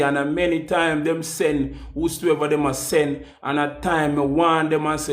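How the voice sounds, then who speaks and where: A man's voice: fairly high pitch, fairly even intonation, moderate pace, hardly any pauses, echoey room. A man with a Jamaican accent giving a motivational monologue, preachy and emphatic, often repeating himself.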